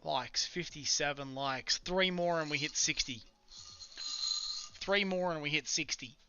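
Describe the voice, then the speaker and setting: A man's voice: on the high side, a little slow, bright, forceful tone, smooth, highs cut off, soft background music. A man chatting casually through a live trading stream, muttering to himself about his charts. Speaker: live-streaming futures trader.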